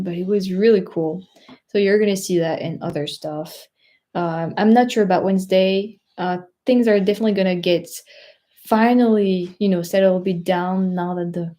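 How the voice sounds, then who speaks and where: A French woman with a French accent hosts a casual livestream, rambling, searching for words and laughing often. Her voice is mid-range and dark in tone.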